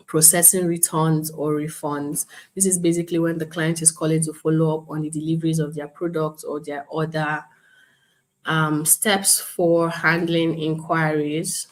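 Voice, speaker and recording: A woman instructor teaching an online class, speaking calmly and professionally, acting out customer calls as examples. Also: on the low side. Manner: calm, explains with role-played customer examples. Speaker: bootcamp instructor.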